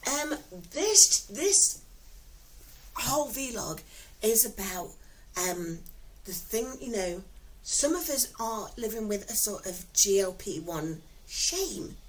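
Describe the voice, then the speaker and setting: Chatty Nottingham woman with a lively voice. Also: medium pitch, takes it slowly, poor audio. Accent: Nottingham English. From England. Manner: warm storytelling, giggly, repeats herself. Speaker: vlogger. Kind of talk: casual chatty vlog.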